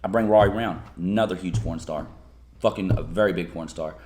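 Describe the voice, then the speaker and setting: Telling wild stories as an interview guest, this thirties-aged man from Kentucky keeps it casual and profane, frequently laughing. His voice sits low, a little mellow and brisk, with slight background noise.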